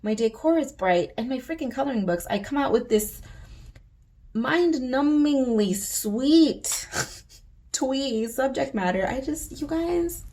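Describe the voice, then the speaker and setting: A woman's voice: high voice, expressive, takes it slowly, dark tone. A young woman chatting playfully and theatrically to her viewers while she colors. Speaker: coloring channel host. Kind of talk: casual chatty coloring vlog.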